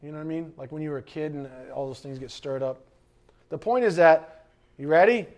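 Preaching fairly quickly, this middle-aged pastor gives a lively sermon in a voice that sits high for a man. He mimics the people he quotes and now and then bursts into shouting.

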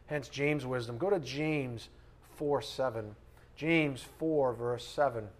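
A male pastor delivering a sermon to his congregation in a conversational way, pressing hard on key words and then dropping into soft, quiet asides. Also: medium pitch, takes it slowly. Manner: conversational, emphatic preaching, swings between loud stresses and soft asides.

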